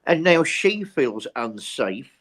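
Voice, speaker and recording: A man's voice: mid-range voice, big pitch swings, slow, fairly bright tone. A British man co-hosting a talk show, ranting passionately about politics. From Britain. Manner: impassioned, ranting. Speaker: co-host. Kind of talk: opinionated talk-show chat.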